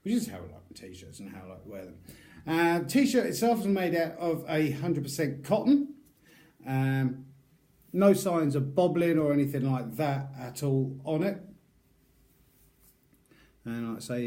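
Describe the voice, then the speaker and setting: A man's voice: mid-range voice, warm tone. A middle-aged British man from the UK, giving a casual, rambling product review as a YouTube reviewer. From United Kingdom. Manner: chatty, rambling, loose and informal.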